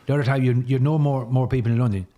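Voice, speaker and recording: Fast-talking middle-aged Irish man. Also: medium pitch, steady tone, dark tone. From Ireland, Tipperary. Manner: rambling, repeats words. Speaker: podcast guest. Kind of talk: casual storytelling chat.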